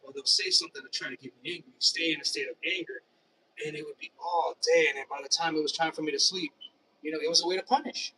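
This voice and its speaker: A man's voice: fairly high pitch, steady tone, quick pace, bright, forceful tone, recorded from a distance, a little hiss or hum, low-quality recording. A man vlogging in a casual, rambling monologue. He repeats himself often and calls the listener dude. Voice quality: repetitive, restarts phrases, says "dude".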